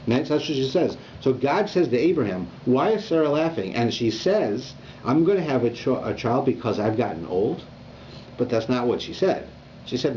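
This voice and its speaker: A rabbi teaching a Torah class in a conversational, animated way, often checking in with "right?". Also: male voice, mid-range voice, normal speed. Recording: dull lo-fi recording with faint room noise.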